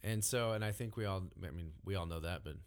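A man with a notably deep, low voice talks casually on a podcast. He thinks aloud and often backs up to restart a phrase before pressing on. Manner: thoughtful, halting, restarts phrases.

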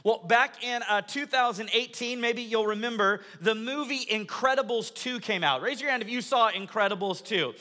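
Bright-voiced pastor preaching in a reverberant hall. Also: male voice, high-pitched, normal speed, few pauses. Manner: animated storytelling, addressing a congregation. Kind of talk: sermon. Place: large church auditorium with a congregation. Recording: long reverb of a large hall.

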